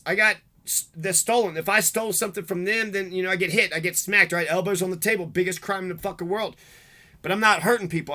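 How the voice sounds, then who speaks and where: Man, solo vlog rant, bitter and profane; high, piercing delivery. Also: bright, forceful tone. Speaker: vlogger. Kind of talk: rambling angry monologue.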